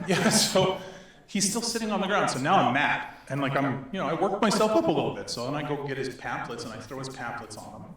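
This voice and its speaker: A middle-aged man from Northern Alberta telling a story to an audience, animated and laughing as he acts out the voices in it. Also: medium pitch. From Northern Alberta, Canada. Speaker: speaker. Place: synagogue hall. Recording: echoey hall.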